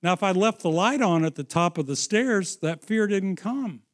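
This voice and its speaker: A man preaching a sermon, slow and emphatic, dropping into hushed storytelling and rising again for emphasis. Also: sits high, expressive. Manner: slow, emphatic, swings into sung and shouted phrases.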